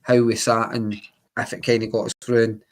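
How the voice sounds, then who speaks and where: A man's voice: mid-range voice, completely flat delivery, a little fast. A man co-hosting a football podcast, chatting casually and circling back over his words. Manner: chatty, repeats himself, laughs now and then. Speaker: podcast co-host.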